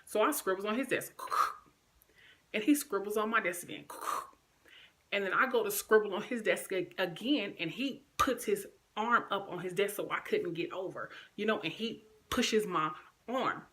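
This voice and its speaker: A woman in her thirties talks straight to her viewers in a loose, rambling storytime. Her voice is bright and clear, close to the camera. Her pitch sits in a middle range. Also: moderate pace. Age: 30s. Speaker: vlogger. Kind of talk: casual storytime chat to camera.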